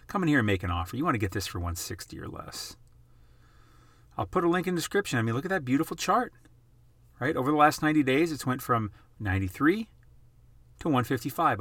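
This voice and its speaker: A man hosting his own channel, chatting casually over price charts in an excitable, emphatic way, repeating phrases for effect. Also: mid-range voice, no echo. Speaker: YouTube host.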